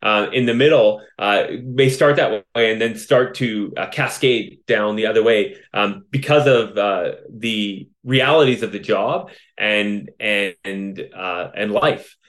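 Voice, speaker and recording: A man's voice: fairly low pitch, slow, few pauses, a bit bright. A man hosting a podcast, asking his questions in a casual, hesitant way with many fillers. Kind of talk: casual interview chat. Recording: echoey room.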